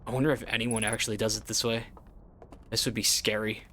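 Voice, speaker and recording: A man's voice: lowish voice, flat delivery, fairly quick, pushed and bright, a little hiss or hum. A man giving casual gameplay commentary as he plays, thinking aloud and rambling with lots of filler words. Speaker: let's play gamer.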